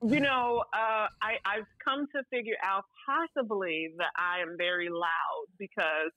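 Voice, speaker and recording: Loud, outspoken woman from St. Louis. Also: medium pitch, fairly even intonation, measured pace, no room sound, poor audio. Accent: St. Louis, Missouri. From St. Louis, USA. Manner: loud, outspoken, laughs often. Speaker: podcast guest. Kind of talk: casual chat.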